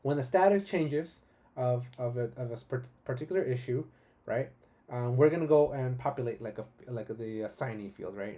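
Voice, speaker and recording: A man hosts a live software tutorial in a relaxed, chatty way. His voice is mellow and dark-toned, and he often trails into "right?" and restarts his sentences. He sounds excited about his subject. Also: mid-range voice. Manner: casual and enthusiastic, with frequent "right?" and restarts. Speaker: tutorial host.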